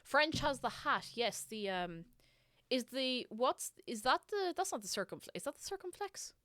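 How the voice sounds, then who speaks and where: A woman's voice: high voice, very animated, moderate pace, sharp tone, no echo, clean studio sound. A woman with an Irish accent, chatting to her viewers in a casual, scatterbrained way while she plays a game. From Ireland. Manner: chatty, scatterbrained, talks to chat. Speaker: streamer. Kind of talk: casual gaming stream chat.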